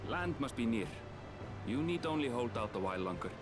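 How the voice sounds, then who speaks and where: An actor playing a calm, matter-of-fact male guide in a video game, explaining in a measured way. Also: mid-range voice, over music, natural voice. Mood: steady.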